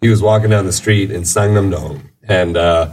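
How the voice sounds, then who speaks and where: A man's voice: low-pitched, normal speed, distant mic. A man telling stories animatedly in a casual chat. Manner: animated storyteller. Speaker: co-host.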